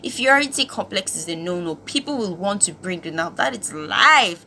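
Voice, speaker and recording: A woman's voice: lowish voice, animated, normal speed, sharp tone, a little hiss or hum. A woman from Nigeria hosting her own channel, giving an emphatic motivational talk full of rhetorical questions. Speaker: host.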